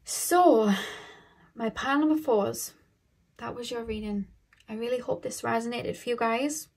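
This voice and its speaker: A woman's voice: fairly high pitch, measured pace, a little mellow. A woman giving a casual pick-a-card tarot reading to her viewers, rambling and thinking aloud with lots of filler words.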